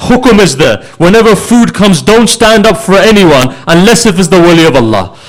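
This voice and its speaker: Man, preacher, sermon storytelling, emotional, higher-pitched, animated to hushed. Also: normal speed. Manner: emotional, shifts from animated to hushed grieving tones.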